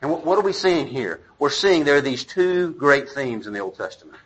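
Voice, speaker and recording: Bright, husky male preacher. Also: fairly high pitch, very animated, fairly quick, poor audio. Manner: conversational preaching with paraphrased dialogue. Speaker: pastor. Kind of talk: sermon.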